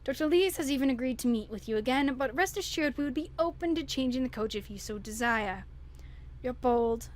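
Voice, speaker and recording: A woman's voice: a little high, a little mellow, lightly acted. A woman reading aloud as a formal, firm female manager handing down a reprimand.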